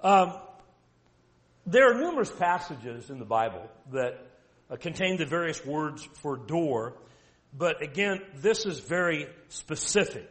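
A man preaching a sermon, emphatic and direct, asking the listeners rhetorical questions and reading scripture aloud slowly. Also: fairly high pitch, very animated, a bit bright.

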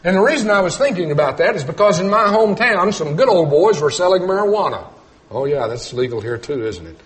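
A middle-aged man preaching a sermon, telling folksy stories and swinging between loud emphatic points and quiet low asides. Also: sing-song, fast talker. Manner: storytelling with folksy humor.

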